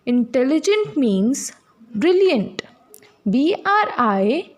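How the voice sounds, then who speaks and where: A woman teaching a classroom reading lesson to young students, slowly spelling out words letter by letter and explaining their meanings. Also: high voice. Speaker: primary school teacher.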